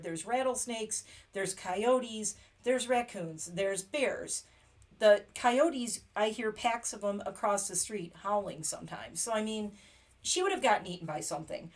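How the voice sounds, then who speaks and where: A middle-aged woman from Pennsylvania, hosting a casual livestream chat, rambling and laughing often. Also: medium pitch. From Pennsylvania, USA. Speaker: livestream host.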